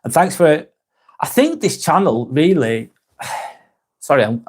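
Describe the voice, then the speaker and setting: A man's voice: a little high, big pitch swings, slow, a little mellow, breathy edge. A man hosting a casual live stream, reading out chat comments in a rambling, sweary, sometimes sarcastic way.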